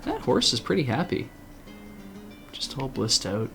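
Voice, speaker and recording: A mid-pitched man talks casually through a farming game, answering chat and poking fun at himself. Faint guitar music plays quietly behind him. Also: sing-song, a little slow, creaky. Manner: chatty, self-deprecating, answers chat. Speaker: streamer playing a farming game.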